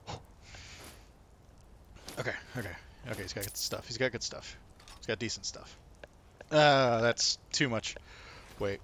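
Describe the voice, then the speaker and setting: Excitable man streaming gameplay. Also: mid-range voice, a little slow, pauses often. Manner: excitable, swears and yells at enemies. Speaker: livestreamer playing a game. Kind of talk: live gameplay commentary. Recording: noisy stream audio.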